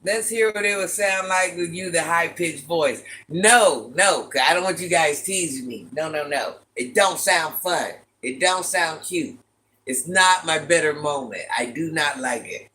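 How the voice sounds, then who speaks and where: A woman with a deep, raspy voice hosting a casual livestream, chatting and teasing as she reads viewers' comments. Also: expressive, unhurried, a bit bright. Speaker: livestream host reading chat. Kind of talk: casual live chat with viewers.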